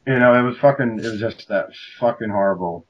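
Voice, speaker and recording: A man's voice: fairly low pitch, a little fast, highs cut off. A man hosting a podcast, chatting casually in a profane, rambling way. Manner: profane, rambling, breaks into mock voices. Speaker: podcast host. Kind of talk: casual chat.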